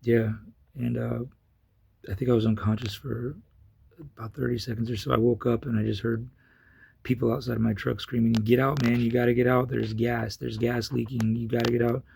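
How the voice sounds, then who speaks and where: A man speaking in a rough, gravelly voice with heavy fry, the tone deeply husky and worn. He recounts a personal story in a loose, rambling vlog manner, full of fillers and restarts. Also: flat delivery, normal speed, mellow. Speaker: vlogger. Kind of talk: casual storytelling.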